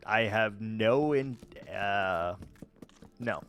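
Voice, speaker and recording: A man casually chatting with viewers while playing a game, rambling and relaxed with many fillers and restarts. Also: lowish voice, extremely slow, clean tone, soft background music. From United States. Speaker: gaming vlogger. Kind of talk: casual let's-play chat answering viewers.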